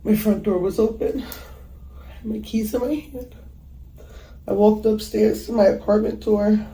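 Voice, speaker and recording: A woman giving emotional interview testimony as a mother, halting and hesitant with many pauses. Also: medium pitch, steady tone, dark tone. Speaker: mother recounting a killing. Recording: echoey room with faint background noise.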